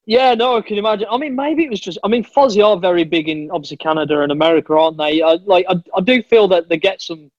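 A man's voice: high voice, fast, few pauses, darkish tone, no room sound. Chatty man on a dull, dry line. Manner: chatty, enthusiastic storyteller, says "mate". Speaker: podcast guest. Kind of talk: casual chat.

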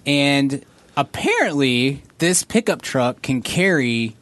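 A man from Texas co-hosting a casual podcast, sarcastically complaining about TV shows in an animated way. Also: medium pitch, takes it slowly. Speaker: podcast co-host. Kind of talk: casual chat reviewing TV pilots.

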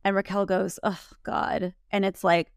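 A woman with a gravelly edge in her mid-pitched voice, chatting as a podcast co-host. She retells scenes animatedly, slipping into quoted lines. The sound is dry and close. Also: little pitch movement, a little slow, no echo. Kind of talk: casual recap chat.

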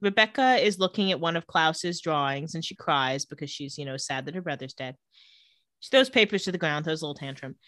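A woman with a bright, animated voice co-hosts a casual chat podcast. She is giggly and playful, often acting out the characters' lines. The sound is close and dry. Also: low-pitched, brisk, no echo. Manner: lively, giggly, acts out quoted lines. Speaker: podcast co-host recapping a TV episode.

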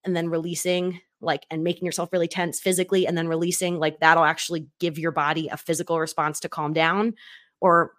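A woman with a slightly low-pitched voice talks openly on a podcast. She tells a personal story in a reflective, conversational way and leans on filler words. The talk is relaxed and unscripted. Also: a little fast. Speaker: podcast co-host. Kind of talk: casual chat.

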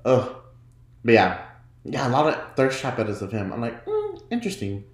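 A man hosting his own podcast in casual solo chat, chatty and giggly, often jumping into high mock voices when he quotes himself. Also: a little fast, echoey room. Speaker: podcast host.

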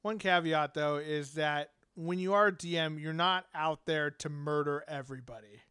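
A man hosts a casual podcast chat, rambling through his stories with many fillers and laughter. His voice sits a little high and sounds smooth and resonant. The recording is dry and close. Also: steady tone, normal speed, pushed and bright, dry recording. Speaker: podcast host and game master.

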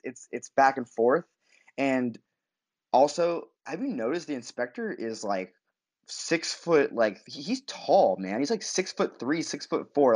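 A man co-hosting a podcast, talking casually about a TV show in a rambling way full of "like" and restarts. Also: mid-range voice. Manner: rambling, many fillers and restarts. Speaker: podcast co-host. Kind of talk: casual TV discussion.

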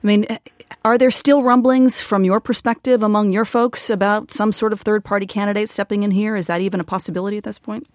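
A woman hosting a radio call-in show, asking guests brisk, conversational questions. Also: medium pitch, fairly even intonation, no echo, studio quality.

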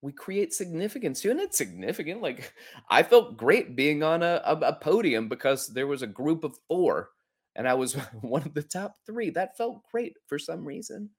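A man's voice: fairly high pitch, big pitch swings, moderate pace, husky. A middle-aged man hosting a podcast, telling a personal story in an earnest, reflective way with frequent restarts. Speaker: podcast host. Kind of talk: personal story and coaching talk.

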